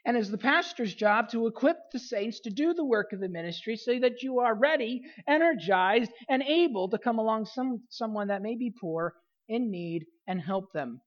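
A woman pastor preaching a sermon, repeating key phrases for emphasis and letting her voice fall softly at the end of phrases. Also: on the high side, expressive, moderate pace, muffled recording.

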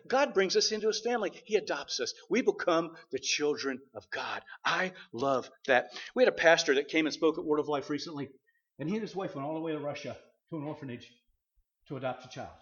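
High-voiced preacher in an echoey room. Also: male voice, animated, brisk. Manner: swings from quiet storytelling to loud proclamation. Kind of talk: sermon. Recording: echoey room, slightly muffled.

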